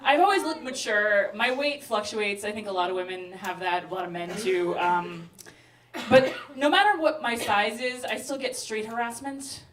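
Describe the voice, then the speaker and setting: A woman in her thirties, originally from Brooklyn, performing a stand-up comedy set on a club stage with a quick, sardonic delivery. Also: mid-range voice, a bit bright. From Brooklyn, New York, raised in Texas. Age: 30s. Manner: quick, sardonic, acts out characters. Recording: roomy club recording, heard from a distance. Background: audience laughing.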